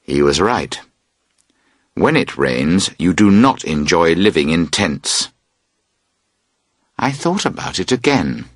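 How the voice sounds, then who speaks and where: Slow husky male storybook narrator. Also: sits low, sing-song, no echo. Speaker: audiobook narrator. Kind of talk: scripted narration of a graded reader.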